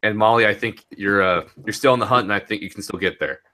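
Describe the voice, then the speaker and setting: A man's voice: lowish voice, fast, pushed and bright. A young man talking casually and rambling a bit as he recaps a fantasy football week, laughing easily. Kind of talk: casual podcast chat.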